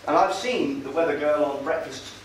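Recorded at a distance in a roomy hall with faint background noise, a man delivers a casual public talk. His voice is on the high side and his speed normal, and his sardonic, conversational delivery is hesitant and filled with fillers.

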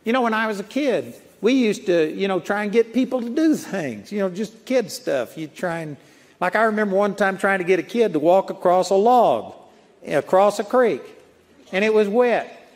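A man's voice: sits high, lively intonation, normal speed. A man preaching a sermon in a folksy storytelling way, chuckling at his own anecdotes. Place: large auditorium. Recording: long auditorium reverb.

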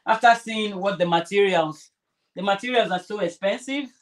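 A woman's voice: medium pitch, unhurried. A woman vlogger chatting casually while sewing, rambling and restarting her sentences. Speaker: crafter vlogger.

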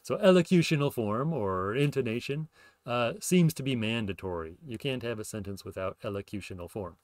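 A man's voice: medium pitch, animated, moderate pace, no echo, clean studio sound. A man hosting his own podcast, explaining ideas in a casual lecture, thinking aloud with fillers and self-corrections. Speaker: podcast host explaining linguistics.

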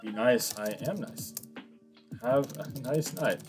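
A man's voice: medium pitch, slow, darkish tone, soft background music. A young man giving casual, cocky commentary on his online game, teasing his opponent and laughing often. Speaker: gaming YouTuber.

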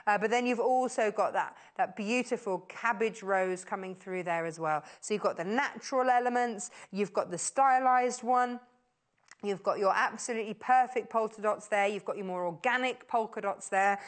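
A woman fronts a live shopping-channel segment from a TV studio. She talks in a gushing, enthusiastic way and keeps repeating her words of praise. Her pitch sits at a middling level for a woman. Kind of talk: live on-air sales pitch.

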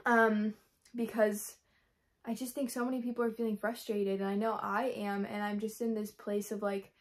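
A young woman vlogger speaks at normal speed and medium pitch, her intonation fairly flat, in a candid Christian devotional. Earnest and rambling, she leans on fillers and acts out the prayers she's said, sounding hopeful despite her frustration.

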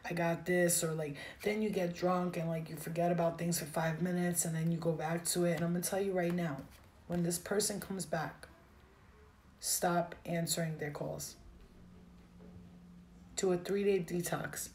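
A woman's voice: lowish voice, steady tone, normal speed, darkish tone, a little hiss or hum. A woman giving a live tarot reading, emotional and direct, speaking straight to her viewers. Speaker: tarot reader.

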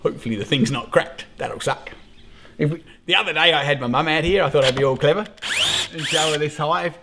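A man's voice: on the high side, fairly quick, very noisy. A middle-aged Australian man hosting a casual beekeeping vlog, rambling along, swearing freely and laughing often. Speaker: beekeeper host.

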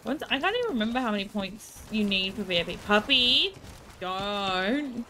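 A woman's voice: mid-range voice, animated, a little fast, fairly bright tone, slight background noise. A woman with an Australian accent, streaming and chatting casually with viewers, playful, laughing often and baby-talking to her dog.

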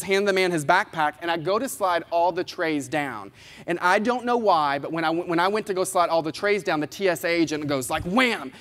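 High-voiced animated man on stage. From Kentucky, US. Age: 30s. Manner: animated, playful, talks straight to the audience. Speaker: keynote speaker. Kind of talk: motivational keynote with storytelling. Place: large conference hall. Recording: long hall reverb.

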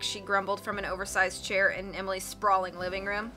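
Bright-voiced woman reading a novel. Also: mid-range voice, level tone, brisk, soft background music. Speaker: audiobook reader.

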